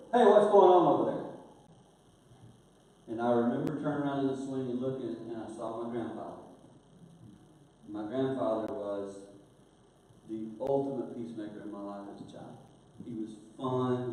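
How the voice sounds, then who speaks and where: An older man telling a personal story in a sermon, earnest, growing hushed at painful moments. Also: medium pitch. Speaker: guest speaker. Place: church auditorium. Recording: very echoey church hall, faint hiss.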